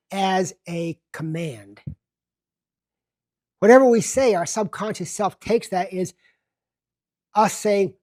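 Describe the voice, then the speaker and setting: Deliberate male self-help teacher. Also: high voice, dark tone. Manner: deliberate, emphatic, slows down to stress key words. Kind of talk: self-help lecture to camera.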